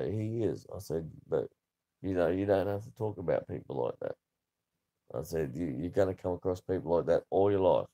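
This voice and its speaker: Aussie guy in his 30s, lowish voice, rambly casual vlog chat, swears a lot. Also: dark tone. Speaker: vlogger.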